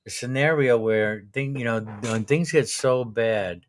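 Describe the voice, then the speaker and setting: A man's voice: medium pitch, a little slow. A man hosting a casual live stream chat, bantering and laughing, with many restarts. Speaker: host.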